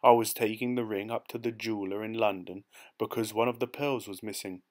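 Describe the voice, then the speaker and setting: Man narrating a story, measured. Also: on the low side, steady tone. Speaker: audiobook narrator. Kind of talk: scripted narration.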